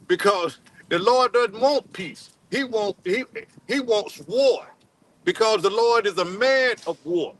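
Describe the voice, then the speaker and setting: A man preaching a sermon in a halting, repetitive way, full of fillers, and calling on another man to read scripture aloud. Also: sits high, expressive, a bit bright, poor audio. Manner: halting, repeats words, many fillers, calls on a reader. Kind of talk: street-style sermon with scripture reading.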